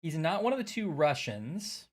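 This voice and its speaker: A man's voice: fairly high pitch, big pitch swings, moderate pace. A man streaming a mystery game, thinking aloud as he works through the puzzles with a friend. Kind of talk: casual game chat.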